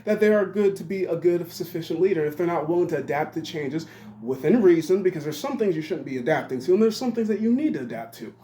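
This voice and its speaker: A man's voice: a little high, lively intonation, fast talker, dark tone, a little hiss or hum. A man in his twenties giving a rambling monologue, blunt and profane. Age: 20s. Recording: roomy echo.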